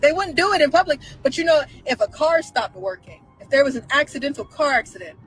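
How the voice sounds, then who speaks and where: A woman hosting a live stream with a high, very animated voice that jumps around as she fires off incredulous rhetorical questions. She laughs often and talks in a loose, casual way. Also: a little fast, faint music behind, poor audio.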